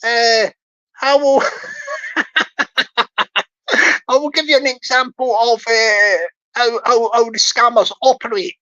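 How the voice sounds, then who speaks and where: A woman's voice: on the high side, steady tone, slow, long pauses, sharp tone, lo-fi sound. A woman giving joking livestream commentary, rambling, repeating herself and laughing often. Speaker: livestream host.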